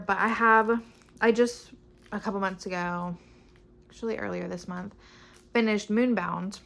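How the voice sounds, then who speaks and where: A woman's voice: mid-range voice, fairly bright tone. Young woman vlogging about books, chatty and bubbly, kinda rambly, regular mid voice. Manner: chatty, upbeat, rambling with restarts. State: pregnant. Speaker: book vlogger. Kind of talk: casual chat.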